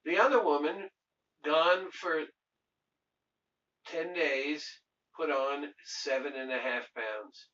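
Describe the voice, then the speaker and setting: A male doctor telling patient stories and giving firm advice in a slow, deliberate, earnest way, recorded from a distant mic with dull sound. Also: fairly high pitch, sharp tone, reverberant. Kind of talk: storytelling video talk.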